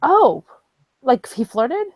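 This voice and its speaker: A woman with a slightly high voice chats loosely around a gaming table. She keeps restarting her sentences, and her voice sits close and dry with no room sound. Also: very animated, slow pace, no room sound. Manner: chatty, hesitant, lots of restarts. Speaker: player. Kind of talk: tabletop role-play, casual chat.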